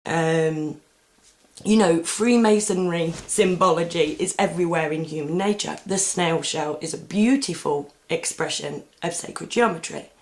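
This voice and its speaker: Woman, chatty vlog monologue, lower-pitched, rambling delivery with many fillers. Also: a little slow. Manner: chatty, meandering, with frequent ums and restarts. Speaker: vlogger.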